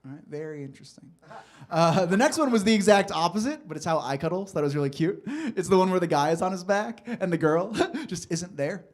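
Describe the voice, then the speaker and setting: A man's voice: high-pitched, lively intonation, brisk. A man performing a stand-up comedy set on a club stage, chatty and loose, often laughing and talking to the crowd. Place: comedy club stage before a live audience.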